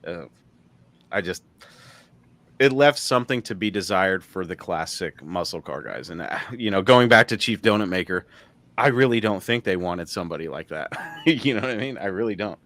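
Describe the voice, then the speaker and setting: A man's voice: low voice, lively intonation, normal speed, a bit bright, dry recording. A man hosting a casual live-stream chat, rambling with lots of fillers and frequent laughter. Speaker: host.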